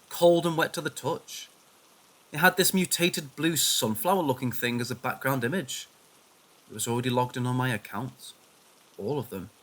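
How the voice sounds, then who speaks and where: A man reading a first-person horror story aloud in a hushed, tense manner. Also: on the high side. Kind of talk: scripted horror story narration.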